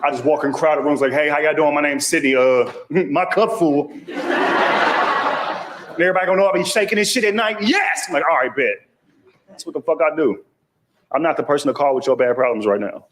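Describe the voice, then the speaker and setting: A man's voice: a little high, fairly quick, long pauses. A man from Texas with a Texas accent, telling a stand-up comedy story and acting out the voices of other people.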